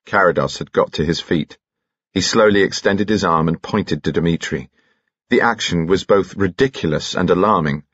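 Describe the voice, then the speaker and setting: A man narrating an audiobook with expressive, varied delivery. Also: low voice, moderate pace, husky, dry recording, dull audio. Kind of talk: scripted narration.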